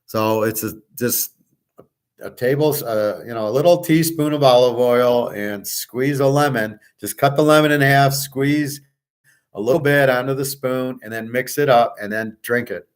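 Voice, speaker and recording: A man who hosts a picks and markets channel rambles through a casual monologue in a smooth, medium-pitched voice at a moderate pace. Blunt and full of fillers, he drifts from thought to thought and swears freely while talking straight to his listeners.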